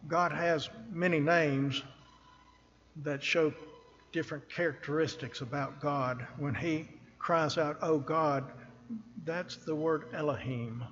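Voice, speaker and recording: A male preacher delivers a sermon at a deliberate, unhurried pace, his voice sitting a little high for a man. He leans into each verse with earnest emphasis. The sound is slightly muffled, with a long church reverb. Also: a bit bright, a little hiss or hum. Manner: earnest, slow and emphatic, rising on scripture. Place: church sanctuary at a pulpit.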